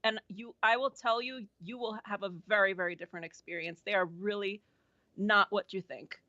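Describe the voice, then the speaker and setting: A woman's voice: mid-range voice, steady tone, normal speed, pushed and bright, no echo, lo-fi sound. A woman guest on a podcast, talking bluntly and candidly, swearing and laughing often. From New York. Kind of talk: casual chat.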